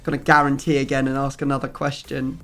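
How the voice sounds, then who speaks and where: A man's voice: medium pitch, completely flat delivery, fast, a bit bright. A man hosting a gaming video, chatting casually and rambling through his explanations with plenty of fillers. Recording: music playing faintly behind.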